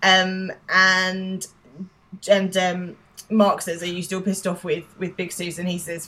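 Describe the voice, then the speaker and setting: A woman's voice: fairly low pitch, level tone, bright, forceful tone. A woman co-hosting a podcast, retelling scenes in chatty, casual storytelling. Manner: chatty storytelling, quick to laugh. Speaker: podcast co-host. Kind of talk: casual recap chat.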